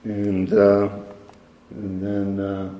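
A man teaching a Bible study, halting often with fillers and reading verses aloud. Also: fairly low pitch, monotone, dark tone, slight background noise. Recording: echoey hall with long reverb.

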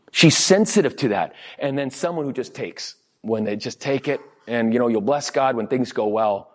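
A man preaching a lively sermon as a pastor, acting out little quoted exchanges in different voices. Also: mid-range voice, moderate pace, hardly any pauses. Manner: animated, acts out quotes in funny voices. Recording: long hall reverb.

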